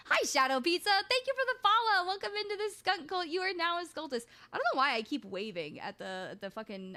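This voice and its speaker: A woman on a livestream chats in a rambling, joking way packed with crude banter, her voice high-pitched and sharp.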